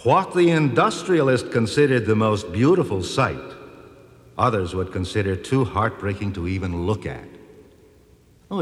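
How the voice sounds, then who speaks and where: History itself in a scripted drama, earnest and gently correcting. His fairly low voice is expressive and varied in pitch, and long reverb surrounds it. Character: reflective male personification of American history.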